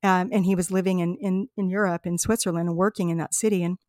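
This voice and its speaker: A woman's voice: fairly low pitch, steady tone, fast talker, darkish tone, no echo, clean studio sound. A woman hosting a podcast, telling personal travel stories in an earnest, heartfelt, reflective way. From United States. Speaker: podcast host. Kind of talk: personal storytelling monologue.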